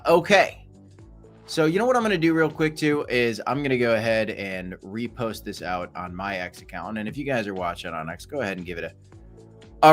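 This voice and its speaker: A man's voice: mid-range voice, fairly bright tone. A man hosting a casual live stream of market commentary, chatty with playful asides and bursts of hype. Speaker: crypto live stream host.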